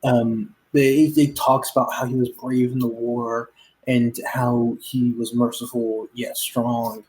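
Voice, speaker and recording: Casual game master with filler-heavy narration. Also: female voice, extremely low pitch, level tone, measured pace, darkish tone, slight background noise, poor audio.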